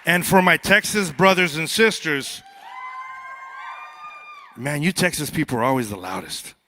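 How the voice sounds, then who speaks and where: A faint crowd and a little hiss or hum sit behind a man whose voice is a little high, sing-song, pushed and bright, at a measured pace. He's a border patrol agent at a youth summit, giving a joking, conversational conference speech on stage and often repeating words as he starts a sentence.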